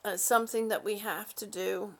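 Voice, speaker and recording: A woman's voice: medium pitch, fairly even intonation, normal speed. A worn-out, sleepy woman hosting a casual live stream, reading out viewer comments in a rambling, giggly way. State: exhausted, sleepy.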